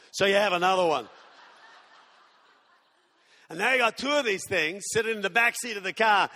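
A man's voice: high voice, moderate pace, long pauses, sharp tone, in a large hall. An Australian man in his sixties, a pastor preaching a sermon with humorous stories and mimicked whiny voices. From Tasmania, Australia. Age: 60s.

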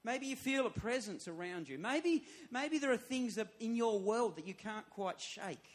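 A man's voice: high-pitched, lively intonation, moderate pace. A man, a church pastor, preaching a sermon, emphatic and repeating his phrases as he builds to raised appeals.

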